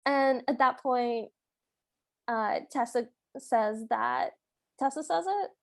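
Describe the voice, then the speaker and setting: Woman, podcast co-host, high voice, giggly, animated recap. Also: slow, gravelly. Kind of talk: casual chat recapping a film.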